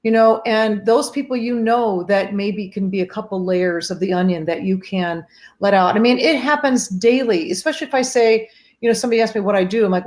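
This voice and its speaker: A middle-aged woman hosts a casual chat on a live stream. Her voice sits at an ordinary middle pitch, and she talks earnestly, turning often to address the viewers directly. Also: a little fast, darkish tone. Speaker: host.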